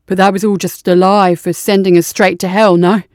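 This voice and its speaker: A woman's voice: mid-range voice, level tone, normal speed, a little mellow, no echo, clean studio sound, close to an everyday voice. A woman voicing a nihilistic male scout captain who talks with intense, urgent persuasion. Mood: confiding.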